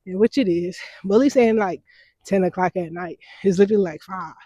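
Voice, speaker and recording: Young female vlogger, slightly raspy, chatty and easygoing, talking to her viewers through a worn mic. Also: lowish voice, fairly quick, mellow, no room sound, dull audio. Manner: chatty and easygoing, laughs often, calls viewers y'all. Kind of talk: casual vlog chat to viewers. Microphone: wearing mics while walking.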